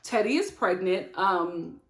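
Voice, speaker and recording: A woman reviewing a reality show episode in a sassy, animated chat, throwing in mock quotes and quick asides. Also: on the low side, reverberant. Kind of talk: casual reality show recap. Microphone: studio-lit webcam setup.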